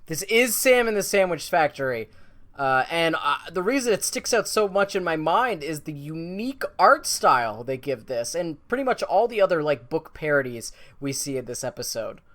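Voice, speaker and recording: A man's voice: a little high, big pitch swings, normal speed, a bit bright. A man co-hosting a podcast in casual chat, wry and eager as he reads out lists of titles. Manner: wry, enthusiastic while reading out lists. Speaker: podcast co-host.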